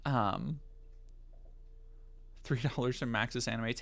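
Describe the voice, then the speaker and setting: A man's voice: mid-range voice, moderate pace, fairly bright tone. A man streaming live, chatting casually, joking and swearing as he rambles.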